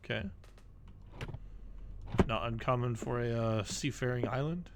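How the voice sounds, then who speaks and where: A man streaming a game, chatting casually and slowly reading in-game text aloud with joking asides. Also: medium pitch, heavy background noise. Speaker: let's play streamer. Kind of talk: casual gameplay commentary.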